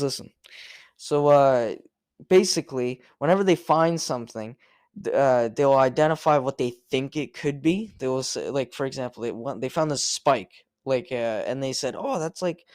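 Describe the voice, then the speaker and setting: A man's voice: mid-range voice, moderate pace, darkish tone, no room sound, clean studio sound. A young man hosting a casual solo podcast, rambling and swearing, with many fillers and restarts. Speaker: podcast host.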